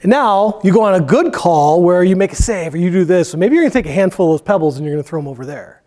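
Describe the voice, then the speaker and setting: A man's voice: sits high, animated, quick pace, dark tone. A man who works as a firefighter, talking candidly about his job in a church Q&A, rambling with many fillers. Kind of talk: conversational Q&A in church.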